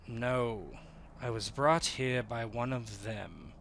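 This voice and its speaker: A man voicing a male-voiced otherworldly spirit who has possessed a young woman. The spirit talks in a guttural, slow, quiet and aloof way. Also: mid-range voice, creaky, a little hiss or hum. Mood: cold, weary.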